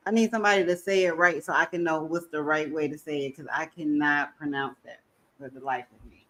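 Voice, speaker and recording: A woman's voice: low-pitched, fairly even intonation, brisk, fairly bright tone. A woman co-hosting a casual live chat, laughing often at herself. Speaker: livestream co-host.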